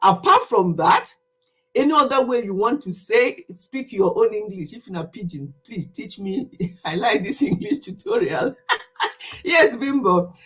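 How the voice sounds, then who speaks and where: A middle-aged woman with a Nigerian accent chats loosely on a livestream, teasing her viewers and laughing easily. Her voice has a breathy, husky edge. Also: mid-range voice, sing-song, unhurried, fairly bright tone, poor audio. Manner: chatty, teasing, laughs often while reading out viewers. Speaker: livestream host. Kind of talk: casual livestream chat.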